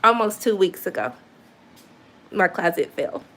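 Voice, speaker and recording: A woman's voice: mid-range voice, expressive, a little slow, a bit bright. A woman chatting casually on a live stream from her apartment, venting in an exasperated way with lots of asides. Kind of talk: casual chat to viewers.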